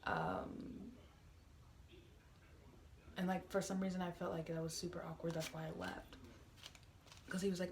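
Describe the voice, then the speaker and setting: Chatty low-voiced young woman vlogging. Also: moderate pace, pauses often, slight background noise. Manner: chatty, filler-heavy, exasperated. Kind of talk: casual storytime vlog.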